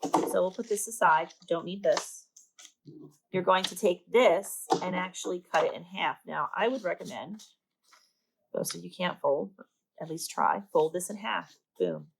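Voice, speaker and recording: Here an art teacher speaks in a lowish, gravelly, expressive voice without hurrying, over a rough recording with a little hiss or hum. She guides a paper craft step by step, chatting and mocking herself gently as she works.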